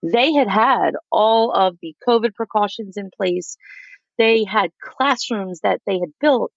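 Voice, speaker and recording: A woman with a gravelly, creaky edge tells stories with lively energy, putting on little voices for the people she quotes. The sound is dry and a bit dull and lo-fi. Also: medium pitch, unhurried, dry recording. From United States. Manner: animated, acts out quotes of others. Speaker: micro school founder, guest. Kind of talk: casual storytelling interview.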